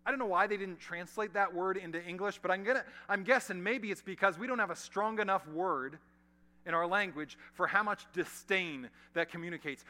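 A male pastor preaching a sermon to a large congregation, swinging from loud emphasis to hushed, almost whispered lines, with casual asides to the room. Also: high-pitched, a little fast. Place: large church hall.

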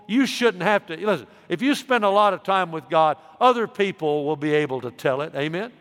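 A man preaching a sermon as pastor, emphatic, swinging between loud stresses and soft asides. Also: on the high side, animated, fairly quick. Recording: long reverb of a large hall.

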